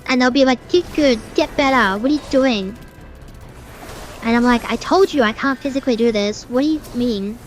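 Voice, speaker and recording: A young woman streamer gives loose, rambling gameplay commentary, filling her sentences with fillers as she vents. Her voice sits a little high for a woman, and faint game music plays under her talk. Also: normal speed. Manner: chatty, ranting, many "like" fillers. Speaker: gaming streamer.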